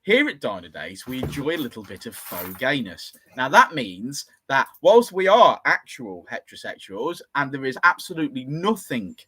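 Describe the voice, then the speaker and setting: Lively man telling a story. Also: mid-range voice, moderate pace, hardly any pauses, slightly rough, no room sound, rough recording. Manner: lively, animated, acts out the other voices. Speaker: garage workshop owner telling a story. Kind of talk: casual storytelling.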